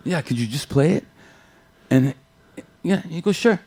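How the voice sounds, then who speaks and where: Animated man telling road stories. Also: on the high side, measured pace, husky. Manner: animated anecdotes, acts out quoted voices, swears. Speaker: guest guitarist. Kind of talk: casual storytelling chat.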